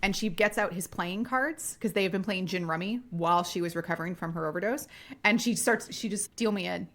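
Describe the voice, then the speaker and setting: Bright-voiced woman podcast co-host. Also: on the low side, a little fast. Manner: swears casually, acts out characters' lines in quotes. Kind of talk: casual film-review chat.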